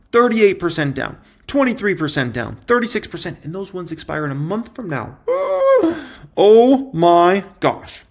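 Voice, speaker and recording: A man giving casual stock market commentary in an emphatic, excitable way, repeating his points for effect. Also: on the high side.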